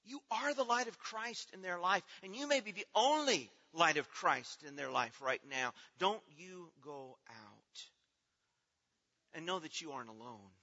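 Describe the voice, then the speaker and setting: A middle-aged man delivers a sermon from a church sanctuary, his voice pitched a touch high and strikingly bright. He shifts between quiet, slow passages and loud, pleading appeals. The recording is muffled and carries a long, ringing reverb from the hall. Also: expressive. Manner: earnest, swings from hushed to loud and pleading. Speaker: pastor.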